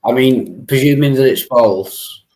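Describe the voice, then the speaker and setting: A man's voice: medium pitch, measured pace, a little mellow. A man hosting a livestream chat, laid-back and chuckling often. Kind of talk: casual chat.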